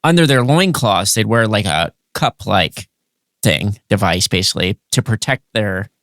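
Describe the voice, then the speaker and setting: Halting man full of fillers. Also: on the low side, animated, fairly bright tone, no echo, studio quality. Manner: halting, many fillers and restarts. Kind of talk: casual chat.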